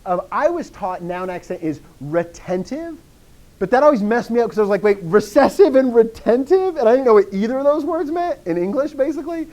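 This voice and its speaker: An animated teacher whose pitch swings up and down through a classroom lecture. The teacher quizzes the students again and again, encourages their answers and repeats key phrases to drive them home. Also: brisk, low-quality recording. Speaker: Greek teacher.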